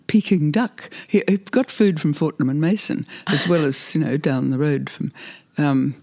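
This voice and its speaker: A man's voice: a little high, normal speed, vocal fry, mellow. An older man being interviewed, reminiscing in a rambling, hesitant way with frequent laughs. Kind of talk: reminiscing conversation.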